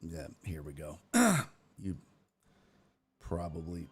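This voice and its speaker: Lively rambling man hosting a stream. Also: deep voice, takes it slowly, slightly rough, soft background music. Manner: rambling, self-interrupting, exclaiming. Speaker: sports show host. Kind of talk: casual live-stream chat.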